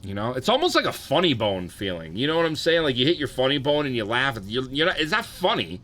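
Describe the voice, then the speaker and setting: Bright-voiced, profane male streamer. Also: very animated, fast talker. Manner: rambling, profane, low-key. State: tired, low energy. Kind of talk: casual live-stream chat.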